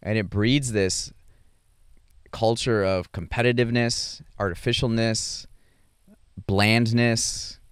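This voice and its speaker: A young adult man talking casually about his dating life, halting often with fillers and restarts and chuckling between thoughts. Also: on the low side, steady tone, smooth, dry recording, clean studio sound. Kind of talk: casual rambling monologue.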